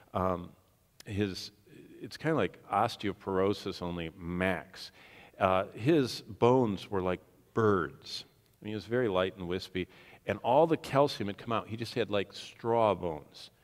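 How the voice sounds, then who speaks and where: A male pastor preaching an evening sermon. He gets animated and rises to near-shouts for emphasis, and he acts out the quotes he tells. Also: fairly low pitch. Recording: long hall reverb.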